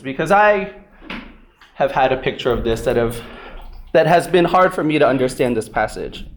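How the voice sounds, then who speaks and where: Pastor guy with a high voice, chatty sermon, keeps saying right?, tells stories animated. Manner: conversational, frequent "right?" asides; animated storytelling, acts out voices. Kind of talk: sermon with prayer and personal story.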